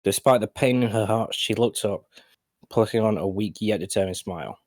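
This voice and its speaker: A man narrating a fan story in a live reading, steady and measured. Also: lowish voice, dry recording.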